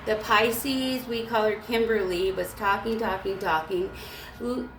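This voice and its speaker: Woman vlogger, gravelly voice, rambling and irritated, echoey room on a phone. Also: medium pitch, steady tone, recorded from a distance, background noise. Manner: rambling, emotional, irritated, halting restarts. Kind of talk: rambling spiritual monologue. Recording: echoey room with faint ambience.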